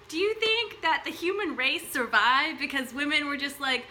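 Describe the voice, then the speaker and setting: A woman speaking passionately to camera, peppering her talk with "like" and rhetorical questions. Her voice is bright, sharp and a little high. There is a faint hum behind her. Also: moderate pace, few pauses, low-quality recording. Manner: animated, heavy use of "like", rhetorical questions. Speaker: vlogger, mothers' rights advocate.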